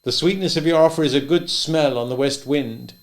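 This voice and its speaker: A man voicing a wry, stubborn old male farmer who speaks gently and thoughtfully, a bit louder than his narration. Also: a little high, brisk, pitched above the performer's own voice, lightly acted. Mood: wistful.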